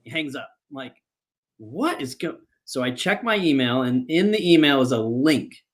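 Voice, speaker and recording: A man's voice: medium pitch, expressive, moderate pace. A man hosts a live podcast and tells a story in a loose, chatty way. He circles back, restarts his sentences and leans on plenty of fillers as he goes. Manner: rambling, full of fillers and restarts. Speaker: podcast host. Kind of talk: casual storytelling. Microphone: podcast microphone, live online.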